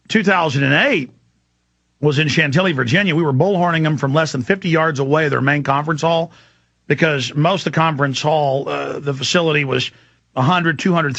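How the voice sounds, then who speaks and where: A man's voice: a little high, a bit bright, no room sound, muffled recording. A man hosting a radio talk show, rambling through an emphatic story in a monologue.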